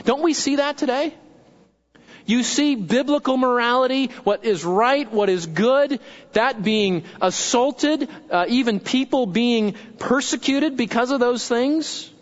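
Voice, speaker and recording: Man, pastor, sermon, very high voice, conversational, repeats for emphasis, muffled recording. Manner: conversational, checks in with listeners.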